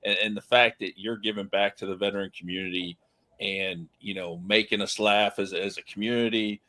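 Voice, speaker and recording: Earnest man co-hosting, bright voice. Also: on the low side, steady tone, brisk. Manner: earnest, rambling with many fillers. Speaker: podcast co-host. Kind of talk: casual podcast hosting.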